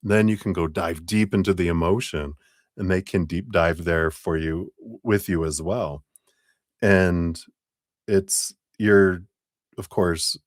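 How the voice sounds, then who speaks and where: Low-voiced man reading tarot live, meandering and chuckly, recorded dry. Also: no echo. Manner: rambling, self-interrupting, chuckling. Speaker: tarot reader.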